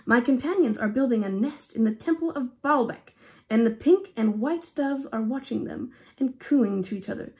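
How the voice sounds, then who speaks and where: A woman voicing a gentle little male swallow in a storybook reading, with an affected English-style accent and a sweet, pleading delivery. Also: on the high side, animated, normal speed. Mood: wistful. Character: small male swallow, gentle and longing to leave.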